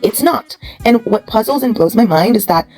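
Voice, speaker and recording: A woman's voice: on the high side, lively intonation, normal speed, darkish tone, faint music behind, poor audio. A woman hosting a commentary channel, lecturing bluntly with many rhetorical questions. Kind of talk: opinion commentary to camera.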